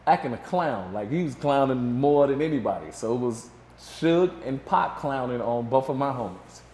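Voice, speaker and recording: A man's voice: medium pitch, moderate pace, echoey room, slight background noise. A man guest in a casual interview, telling a story and acting out what others said. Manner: animated storyteller, acts out quotes.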